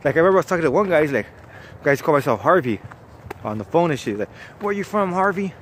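Racing along with lively intonation, this man's voice sits on the high side, and a little hiss or hum runs underneath. He's a Californian with a Chicano accent who used to work in a bank call center, and in this casual storytelling vlog he recounts that job profanely and loosely, full of fillers.

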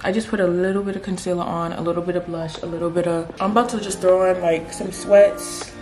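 A woman in her twenties chatting casually in a vlog while she gets ready at home, with animated, slangy, dramatic storytelling. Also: lowish voice, quick pace, over music. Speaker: vlogger. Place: at home doing makeup. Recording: roomy echo.

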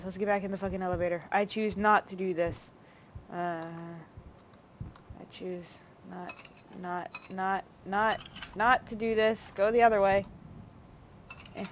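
A woman's voice: mid-range voice, slight background noise. A woman hosting a horror game let's play, talking through it in a jumpy, jokey way and swearing freely. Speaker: gaming channel host.

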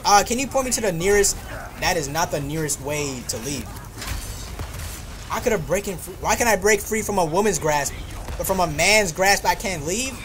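Over crowd noise, a gaming streamer with a high voice speaks at normal speed, offering live gameplay commentary. He trash-talks enemies and jokes around, with excited outbursts directed at himself and his chat.

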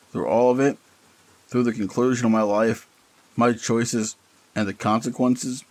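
Man narrating a horror story, low-pitched. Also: low-quality recording. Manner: intense, dramatic delivery.

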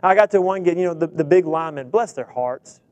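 Male preacher with a high voice on a dry close mic, animated storytelling delivery. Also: brisk, dry recording, highs cut off. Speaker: preacher and coach. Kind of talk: sermon.

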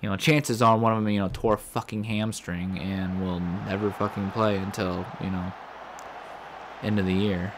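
A man with a fairly low voice narrates his video game session, cursing and complaining at length. The recording is home-made, with steady noise behind him. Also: normal speed. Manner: profane, frustrated ranting. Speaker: gaming commentator. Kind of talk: let's play commentary.

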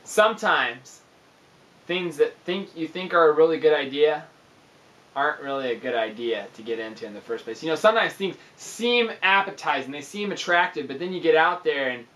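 Young man, animated vlog storyteller, excitable and exaggerated, voice slightly off-mic. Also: on the high side, moderate pace, far from the mic, low-quality recording. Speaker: youth ministry vlogger.

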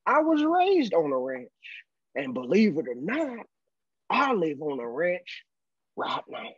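A man's voice: high voice, huge pitch swings, slow, husky, no room sound, lo-fi sound, full character voice. A man voicing a folksy Texan rancher in a cowboy hat, lecturing in a thick drawl.

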